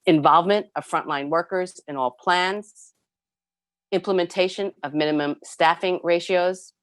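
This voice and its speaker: A woman's voice: on the low side, moderate pace, no echo. A woman, a nurses' union president giving earnest, emphatic prepared testimony at a public hearing. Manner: earnest, emphatic, reads a prepared statement with stresses and repeats.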